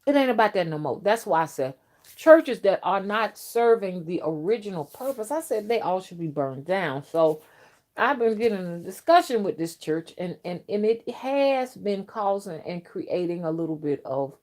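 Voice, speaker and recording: A woman's voice: medium pitch, darkish tone. A woman hosting a casual late-night livestream, talking while chewing gum in a chatty, emphatic way. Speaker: host of a spiritual channel.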